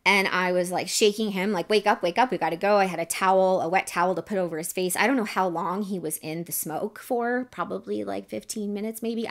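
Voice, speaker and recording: A woman hosting a podcast, telling a personal story in a casual, candid way with lots of fillers and some swearing. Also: medium pitch. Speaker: podcast host.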